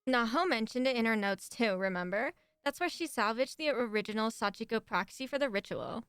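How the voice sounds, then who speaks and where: A woman's voice: fairly high pitch, expressive, brisk, a bit bright, smooth, dry recording. A woman voicing a bossy teenage girl class rep with an occult streak, reading game dialogue aloud in a put-on Valley Girl voice. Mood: earnest.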